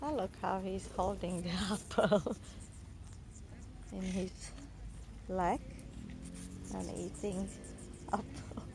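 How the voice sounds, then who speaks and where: A woman's voice: medium pitch, slow, pauses often. A woman giving casual travel commentary in a park by the beach, chatting and laughing often between remarks. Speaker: vlogger. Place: outdoor park near a beach. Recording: outdoor background noise, birds.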